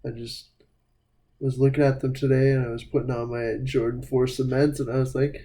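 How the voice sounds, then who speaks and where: A man's voice: medium pitch, little pitch movement, normal speed, warm tone, rough recording. A man chatting casually to camera about sneakers, laid-back and slangy, with plenty of fillers and "you know what I mean.". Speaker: sneaker reviewer.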